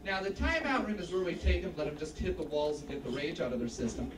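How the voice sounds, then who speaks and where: A man doing a stand-up comedy set on a club stage, animated and acting out the people in his stories. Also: on the high side, fast talker, slight background noise. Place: comedy club stage before a live audience. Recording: echoey club room, distant mic, audience laughter.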